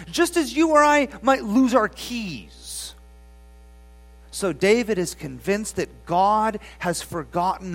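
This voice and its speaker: Preaching to the congregation in a medium-pitched voice, this pastor shifts dramatically from booming to hushed. He keeps putting rhetorical questions to the people listening.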